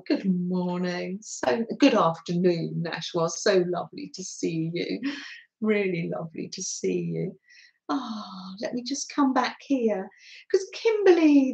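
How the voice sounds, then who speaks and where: A woman hosting a crafting live stream, greeting viewers by name in a gentle, chatty way. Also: medium pitch, muffled recording. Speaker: live-stream host, junk journal crafter.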